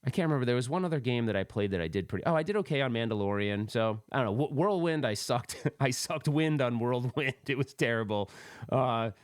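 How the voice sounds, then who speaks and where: A man's voice: medium pitch, lively intonation, fairly quick, smooth, no room sound, clean studio sound. Rambling man with a faint East Coast accent. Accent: faint East Coast American. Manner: rambling, laughs at himself, loose fillers. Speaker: podcast host. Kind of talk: casual solo chat.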